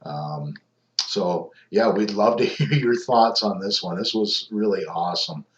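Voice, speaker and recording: Brief: low-pitched male paranormal investigator, rambling casual narration, echoey muffled recording. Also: a little slow. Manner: rambling, many ums and restarts. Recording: echoey, dull lo-fi sound.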